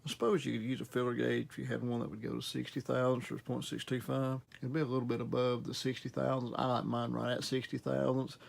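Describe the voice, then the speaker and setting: A fast, flat, creaky mid-range voice with few pauses belongs to a Southern US guitar repair host. He demonstrates a guitar setup casually, in an easygoing, folksy way, poking fun at himself.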